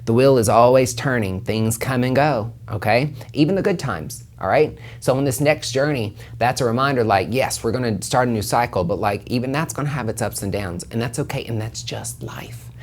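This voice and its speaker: A man's voice: normal speed, hardly any pauses. Emphatic, profane man hosting a solo podcast. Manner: emphatic, profane, calls listener honey; repeats points for emphasis with pitch swings. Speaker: podcast host and tarot reader.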